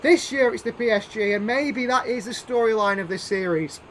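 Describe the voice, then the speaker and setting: A man giving play-by-play commentary over a football video game, calling names in short bursts and shouting when chances come. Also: sits high, moderate pace, slight background noise. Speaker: gaming YouTuber doing live commentary.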